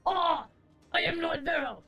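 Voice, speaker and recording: A woman's voice: very high voice, a little slow, creaky, over music, exaggerated voice. A woman voicing a melodramatic villain lord in a mock-grand way, reading a chat line aloud. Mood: mock villainous.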